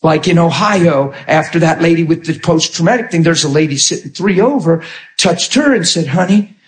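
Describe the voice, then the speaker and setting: Animated preacher man in an echoey room. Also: fairly high pitch, moderate pace. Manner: animated, acts out quoted voices softly. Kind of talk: sermon storytelling.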